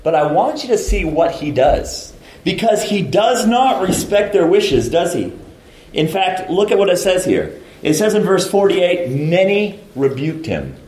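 A man preaching a lively sermon in a casual, slangy way, swinging between loud outbursts and hushed asides. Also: high voice, a little slow. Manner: casual, slangy delivery with frequent laughs. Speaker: pastor. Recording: echoey hall from a distance.

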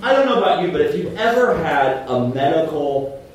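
A man preaches in a big church hall, his high, lively voice bouncing between near-shouts and quiet asides. He talks casual and slangy, and the sound comes from a distance with heavy room echo and a faint hum behind. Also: normal speed. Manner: animated, swings between loud outbursts and hushed asides; casual, slangy delivery with frequent laughs. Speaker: pastor. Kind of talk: lively sermon.

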